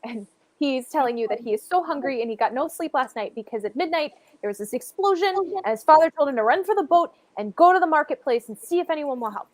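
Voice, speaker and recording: Woman, game master, high voice, rambling narration, lots of ums. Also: expressive, fast talker, dry recording. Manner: rambling, loose, many fillers.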